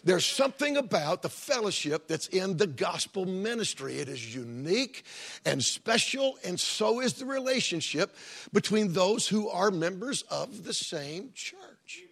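Middle-aged man, pastor, husky, chatty sermon delivery with asides. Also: sits high, sing-song, measured pace, fairly bright tone. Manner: folksy, conversational preaching with joking asides.

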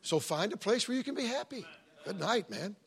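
Middle-aged man, pastor, husky, chatty sermon delivery with asides. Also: high-pitched, big pitch swings, fairly quick. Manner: folksy, conversational preaching with joking asides.

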